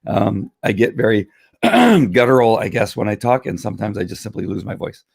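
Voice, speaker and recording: Hoarse-voiced man hosting a casual live stream; low voice, dry room, rambling delivery full of fillers. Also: big pitch swings, moderate pace, darkish tone, no echo. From Southern California. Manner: rambling, many fillers and restarts, frequent throat clearing. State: hoarse, losing his voice. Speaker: live stream host selling wellness products. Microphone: computer or phone camera.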